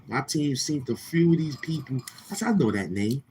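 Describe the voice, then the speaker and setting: A man's voice: medium pitch, lively intonation, normal speed, hardly any pauses, dark tone, a little hiss or hum. A man hosting a livestream, ranting loosely with restarts and mocking quoted voices. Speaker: livestream host. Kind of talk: casual livestream rant.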